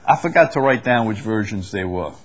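A man leading a conversational Bible study, reading verses slowly and with weight, then explaining them with easy laughs. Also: fairly low pitch. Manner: animated, stresses quoted verses slowly, laughs often. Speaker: Bible teacher.

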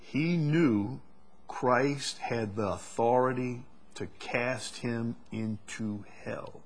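A man's voice: mid-range voice, takes it slowly, slightly rough. A man preaching a sermon, reading scripture aloud and building to emphatic, rising delivery.

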